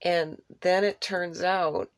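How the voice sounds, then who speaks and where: Slow and fairly even in intonation, a woman with a low-leaning voice describes a dream she had, without a script. She rambles, restarts, searches for words and repeats phrases for emphasis, captured in a dry, studio-quality recording.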